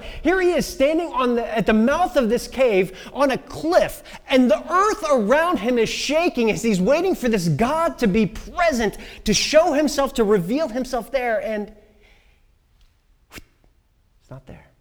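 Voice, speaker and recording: A man preaching a sermon, swinging between loud emphatic lines and hushed, near-whispered passages. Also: sits high, big-room sound. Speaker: pastor.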